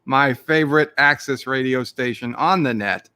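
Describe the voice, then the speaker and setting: Reading chat aloud on his livestream, this man uses a medium-pitched voice that's bright, forceful, clear, and resonant, at a moderate pace. He rambles and jokes, slipping into a put-on Irish-Australian accent and other silly voices.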